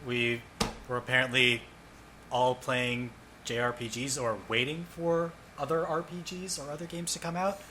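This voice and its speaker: A man from Canada hosting a podcast, with animated, quick casual banter. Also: medium pitch, a little hiss or hum. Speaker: podcast host. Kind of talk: casual chat.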